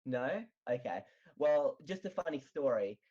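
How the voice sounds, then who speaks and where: Young Australian host, husky and talkative, storyteller, muffled lo-fi chat audio. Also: mid-range voice, expressive, measured pace, a little mellow. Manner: chatty, laughs often, storytelling. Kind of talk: casual group voice chat.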